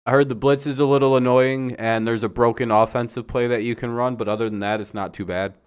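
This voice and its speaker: A man chats casually through a game stream with a smooth, clear voice at an ordinary pitch. He is relaxed and swears freely, reading out downs and clock times in between. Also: quick pace. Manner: laid-back, swears freely, calls scores and downs. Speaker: live stream host. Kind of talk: casual watch-along commentary.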